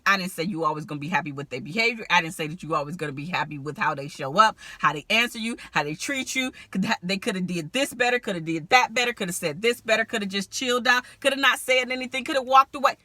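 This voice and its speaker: A woman relationship strategist talking to camera in a vlog, candid and animated, laughing often as she gives marriage advice. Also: medium pitch, quick pace, hardly any pauses, no room sound.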